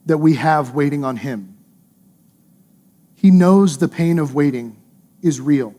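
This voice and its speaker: Earnest, mellow-voiced male preacher. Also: fairly high pitch. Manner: earnest, conversational preaching with emphatic repetition. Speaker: pastor. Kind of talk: sermon.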